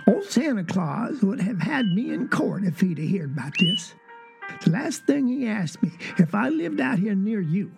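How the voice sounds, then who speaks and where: An actor voicing a jovial poor Southern farmer father, hearty and folksy, with a Southern accent and a lower-pitched voice. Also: creaky, a little mellow.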